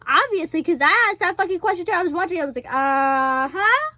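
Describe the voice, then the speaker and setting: A woman's voice: very high voice, rapid-fire, pushed and bright. A woman in her twenties chatting casually as a vlogger, gushing and swearing freely, laughing often. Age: 20s. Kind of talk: casual chat.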